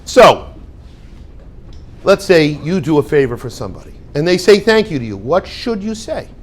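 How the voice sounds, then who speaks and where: A man teaching a class as a rabbi, with a fairly high voice that swings widely up and down. He acts out small everyday exchanges in quoted voices and throws questions at his students. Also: moderate pace. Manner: animated, acts out little dialogues in quoted voices. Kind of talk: lively classroom talk.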